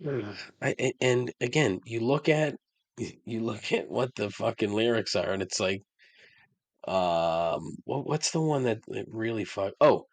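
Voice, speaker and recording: On his own podcast, a man with a fairly low, expressive voice takes his time in a casual monologue recorded without echo. He sarcastically tears into songs he hates, swearing often.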